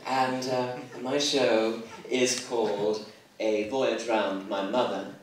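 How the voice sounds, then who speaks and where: A man's voice: mid-range voice, steady tone, slow pace, a little hiss or hum. A young man doing a stand-up comedy set, camp and self-deprecating in an arch manner. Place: comedy club stage before a live audience. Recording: echoey hall mic from far off, audience laughter. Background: crowd laughing.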